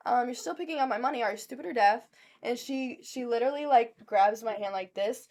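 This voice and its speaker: A woman with a fairly high voice co-hosts a casual podcast chat. She tells her story bluntly and with lots of swearing, in an animated, unfiltered way. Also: a little fast. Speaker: podcast co-host.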